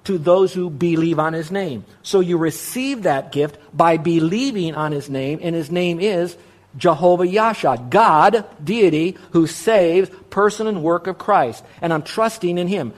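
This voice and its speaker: A man's voice: a little high, normal speed. A man preaching a sermon as a pastor, stressing key words through repetition and asking rhetorical questions that he answers himself. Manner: emphatic, repeats key words, asks and answers his own questions.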